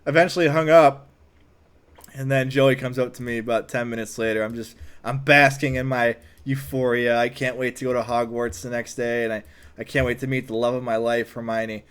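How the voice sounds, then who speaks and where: A man telling a comedic personal story, animated, acting out other people's lines in a raised voice. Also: mid-range voice, brisk, clean tone. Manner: animated, acts out quotes in a raised voice.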